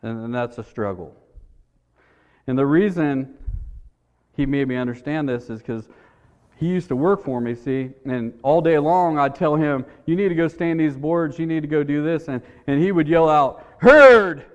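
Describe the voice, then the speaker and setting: A man's voice: on the high side, normal speed, darkish tone, big-room sound, highs cut off. A man preaching a sermon in a church, in an earnest, conversational way, repeating his words as he tells a story.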